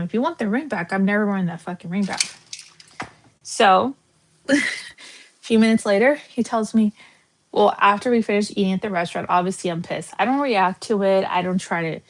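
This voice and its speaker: A woman's voice: medium pitch, rough recording. A woman in her thirties hosting a casual livestream, chatty and blunt, swearing freely and filling her talk with "like", while she cooks. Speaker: livestream host.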